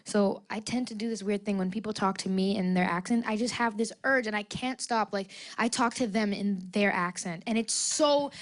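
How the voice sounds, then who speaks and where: A young woman being interviewed as a guest singer in a casual radio studio chat, telling animated stories and laughing often. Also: a little high. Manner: giggly, animated storytelling with frequent laughs.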